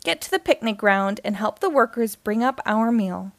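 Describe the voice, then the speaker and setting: A woman's voice: mid-range voice, expressive, moderate pace, no echo, lightly acted. A woman playing a bossy scolding mother ant. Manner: scolding, commanding.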